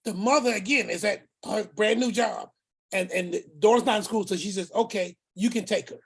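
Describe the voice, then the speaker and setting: A man's voice: high-pitched, fairly quick, creaky, slightly rough. A man telling a family story as the uncle in it, acting out each person's words and repeating phrases for emphasis. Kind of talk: storytelling talk.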